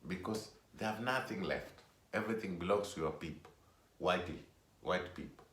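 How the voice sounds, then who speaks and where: Deep-voiced man ranting in an echoey room. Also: moderate pace. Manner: animated, repetitive, emphatic. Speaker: vlogger. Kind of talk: casual opinion monologue.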